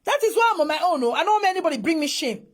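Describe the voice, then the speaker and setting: A woman's voice: extremely high pitch, sing-song, rapid-fire. A woman with a Nigerian accent, ranting in exasperated reaction commentary, mixing Pidgin and English. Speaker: social media commentator.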